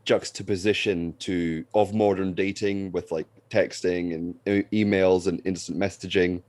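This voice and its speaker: A man co-hosting a podcast, reviewing a film in a dry, sarcastic, deadpan way. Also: low-pitched, a little slow, dry recording. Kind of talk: casual film review chat.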